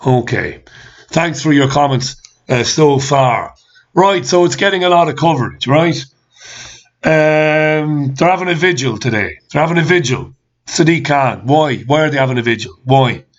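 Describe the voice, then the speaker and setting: A man's voice: on the high side, animated, normal speed. A man hosting a talk show, ranting in commentary with repeated questions and swearing. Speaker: host. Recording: slightly dull lo-fi sound.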